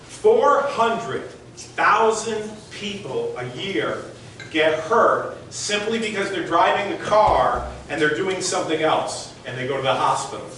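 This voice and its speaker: A man's voice: high-pitched, animated, a little slow, a bit bright, recorded from a distance, a little hiss or hum. Storytelling man in his sixties, echoey hall. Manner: conversational, demonstrative, addressing the audience directly. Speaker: motivational speaker. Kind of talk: storytelling talk on stage. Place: large hall with audience.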